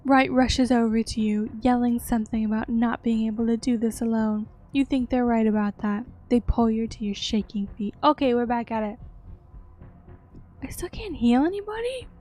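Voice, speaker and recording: A young woman let's-play streamer with a high-leaning, flat, dark-toned voice plays a horror game. She reads its text slowly and then yelps and giggles at what happens.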